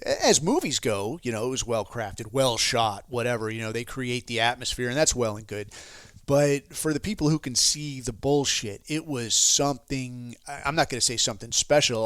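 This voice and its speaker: A man's voice: medium pitch, moderate pace, fairly bright tone, no echo. Man, podcast host, sardonic profane rant, rambling, dry close sound. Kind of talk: casual ranting monologue.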